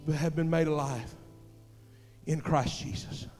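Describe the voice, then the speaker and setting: A male pastor preaching a fervent sermon in a church, swinging between hushed, intimate passages and loud, shouted exhortations. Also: fairly high pitch, steady tone, measured pace, in a large hall, faint music behind. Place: church sanctuary.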